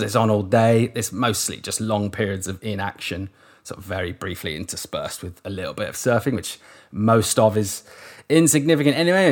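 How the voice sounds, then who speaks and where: A man with an English accent, a surf commentator chatting casually as a guest, rambling with restarts and casual swearing. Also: on the low side. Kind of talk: casual interview chat.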